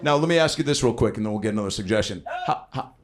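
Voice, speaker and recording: Racing along in a lowish voice, a thirty-something comic improvises stand-up in a club, spinning profane, loose tales full of lively voiced quotes and working the crowd. Audience laughter fills the live recording.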